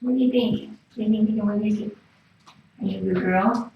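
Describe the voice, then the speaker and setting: In a small cat rescue room, a woman addresses a live stream camera casually and coos soft, mostly whispered baby talk to a cat. Her medium-pitched voice is fairly even in intonation, a little fast, with vocal fry and the highs cut off. A room camera mic across the space makes her sound far away in the echo, with faint room noise and cats around.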